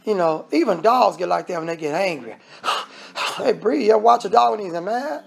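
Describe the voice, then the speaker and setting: Male preacher, gravelly voice, emphatic, repeats himself, chatty asides. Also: high voice, moderate pace. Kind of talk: sermon.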